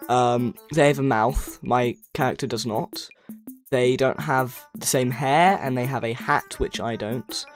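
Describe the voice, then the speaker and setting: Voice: mid-range voice, measured pace, faint music behind. A livestreamer chatting casually, rambling, correcting themself and reading chat messages aloud. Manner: self-correcting, stumbles over words.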